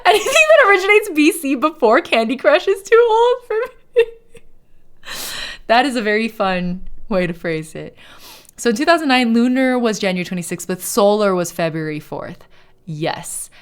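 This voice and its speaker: Excitable, animated woman streamer. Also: fairly high pitch, normal speed. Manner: excitable and chatty, swears freely, frequent laughs. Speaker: livestreamer. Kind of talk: casual livestream chat, reading aloud to chat.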